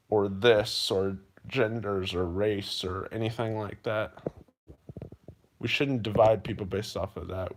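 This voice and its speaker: A man livestreaming to his viewers, talking earnestly and emotionally, repeating himself and often calling them "you guys". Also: on the low side. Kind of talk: heartfelt livestream monologue.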